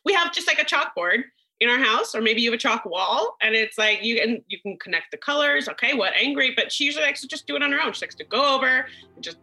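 Woman, 30s, parenting expert, bright, slightly high voice, emphatic and eager. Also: lively intonation, quick pace, rough recording. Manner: emphatic, enthusiastic. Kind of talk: casual podcast chat.

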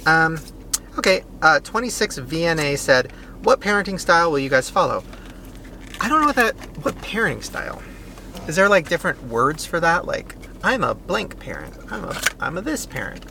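Animated joking man with a gravelly edge. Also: a little high, moderate pace, slight background noise. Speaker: guest co-host. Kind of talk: casual podcast chat.

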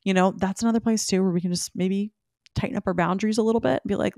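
A woman hosting a solo podcast. She gives listeners animated, emphatic pep talks and speaks to them directly. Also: mid-range voice, very fast, dry recording, studio quality. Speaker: podcast host. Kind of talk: solo podcast talk, motivational.

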